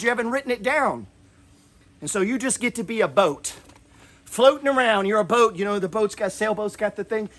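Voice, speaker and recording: A man's voice: high voice, fairly bright tone. A man hosting an investing channel, scolding his viewers in a fiery, profane, repetitive motivational rant.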